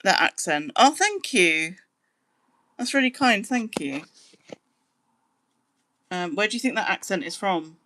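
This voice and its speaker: A young British woman hosting a live stream, chatting casually with viewers and humming to fill the pauses. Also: medium pitch, very animated, bright, forceful tone. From Britain. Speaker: livestream host.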